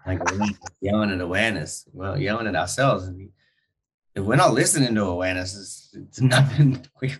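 A man's voice: deep voice, moderate pace, slight background noise. A man hosting a podcast interview, reflecting casually and laughing through his words. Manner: lively, laughs while talking. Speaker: podcast host.

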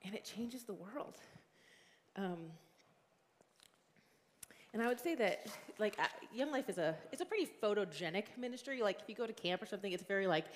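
A woman in her forties gives a sermon in an earnest, conversational way, thinking aloud with frequent fillers. Her voice sits at an ordinary pitch for a woman. It rings out with a long reverb, as in a large church hall. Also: animated, moderate pace, pauses often, a little hiss or hum. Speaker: guest preacher and youth ministry leader. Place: church sanctuary.

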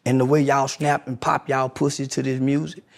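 A man's voice: mid-range voice, level tone, moderate pace, gravelly. A man being interviewed who argues in a preachy, confrontational way, hammering the same rhetorical questions again and again. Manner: mocking impressions in a raised voice. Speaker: guest. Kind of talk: heated podcast interview.

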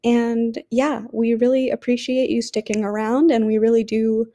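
A young woman host addresses listeners in an earnest, apologetic way. Her voice is mellow and sits slightly high. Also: little pitch movement. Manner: apologetic, earnest, slowing at the end. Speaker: podcast host. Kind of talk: casual announcement to listeners.

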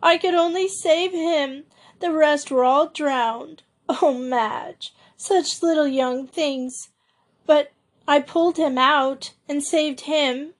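A tearful young schoolgirl pleads and sobs in a noticeably raised voice, as a woman reads her out. The girl is excitable and close to crying, a figure from a storybook. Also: sits high, slow, few pauses, pitched above the performer's own voice. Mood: sobbing. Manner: sobbing, pleading.

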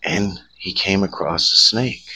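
Low bright-voiced man telling campfire tales. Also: a little slow, a little hiss or hum, poor audio. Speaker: host. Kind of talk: campfire storytelling chat.

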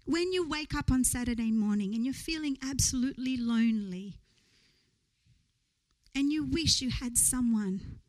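A woman's voice: high voice, normal speed, darkish tone, rough recording. A woman preaching a sermon in church, earnest, building to rising rhetorical questions.

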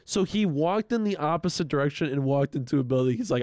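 Young guy on a podcast, smooth clear voice, super dry close mic, doing voices when he tells stories. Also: on the high side, quick pace, dry recording. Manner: animated storytelling, acts out quoted voices, swears a lot. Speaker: podcast co-host. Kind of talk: casual podcast chat.

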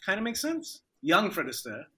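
Casting: sharp, very bright-toned man, dry wit. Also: sits high, huge pitch swings, husky. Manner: quick jokey quips. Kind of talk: casual chat.

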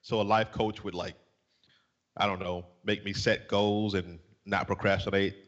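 A man with a Southern US accent talking on a casual podcast in a lowish voice. He is blunt and jokey, often breaking into laughter. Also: little pitch movement, a little slow, a bit bright, lo-fi sound. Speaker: podcast guest.

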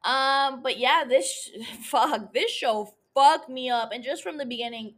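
A woman's voice: high voice, measured pace, fairly bright tone. A woman hosting her own podcast in a playful, profane and chatty solo monologue. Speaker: podcast host.

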